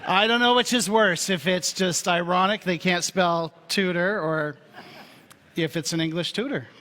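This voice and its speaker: A pastor preaching a sermon in a relaxed, joking, conversational way before turning serious. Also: male voice, high-pitched, moderate pace, slight background noise. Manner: humorous, conversational storytelling. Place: church sanctuary. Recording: reverberant church hall.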